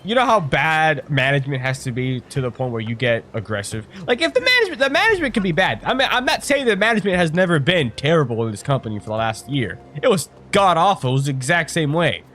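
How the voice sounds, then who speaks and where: A man in his twenties chatting casually while playing a game, rambling and profane, venting with sudden loud outbursts. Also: medium pitch, big pitch swings, quick pace, hardly any pauses, a little hiss or hum. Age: 20s. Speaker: gaming streamer. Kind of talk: casual gameplay chat.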